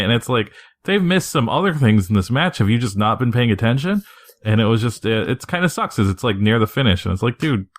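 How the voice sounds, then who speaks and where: A man co-hosting a wrestling podcast in casual, rambling chat, swearing freely and laughing often. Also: fairly low pitch. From Northeast US. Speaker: podcast co-host.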